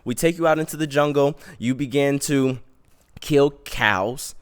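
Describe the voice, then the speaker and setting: A man voicing a laid-back, unbothered male guide who explains things calmly and matter-of-factly. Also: mid-range voice, measured pace, clean tone, close to an everyday voice. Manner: calm, matter-of-fact explaining.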